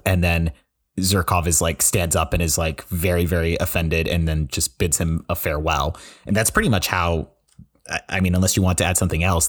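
A man with a very low voice co-hosts a book podcast. He summarizes the chapter in an easygoing, rambling way, full of fillers. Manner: relaxed plot summary with fillers. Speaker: podcast co-host. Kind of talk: casual literary discussion.

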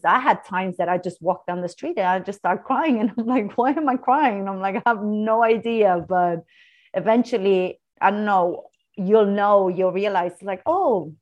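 A woman hosting a casual conversation who chats freely, laughs often and retells little stories with quoted dialogue. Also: medium pitch. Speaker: host, coach with clients.

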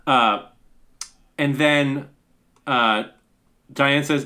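A man co-hosting a podcast, recapping a movie scene in a dry, deadpan way with many hesitant fillers. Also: medium pitch, slow pace, pauses often. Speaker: podcast co-host.

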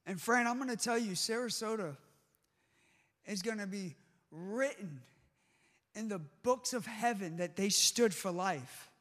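A man's voice: high-pitched, a little slow, long pauses, fairly bright tone. A man preaching a sermon with fervent emphasis and restarts, before a live congregation in a large hall. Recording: long hall reverb.

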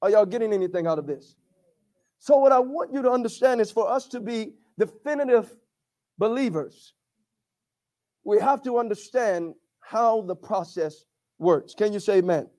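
Male pastor, high voice, energetic call-and-response sermon delivery. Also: normal speed. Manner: call-and-response preaching, rising to shouts.

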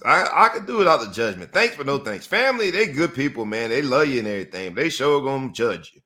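A man hosting a casual sports talk show, emphatic and animated, repeating phrases for effect. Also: mid-range voice, fast talker.

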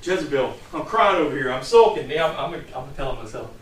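A man's voice: medium pitch, expressive, fairly quick, a little hiss or hum. A middle-aged man preaching a sermon in a conversational, storytelling way, from a distant mic in a church hall.

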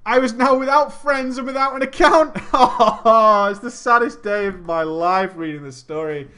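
A man's voice: sits high, moderate pace, bright, forceful tone, clean tone. A man reading a gaming story aloud and riffing on it with comic commentary, laughing often and swearing freely.

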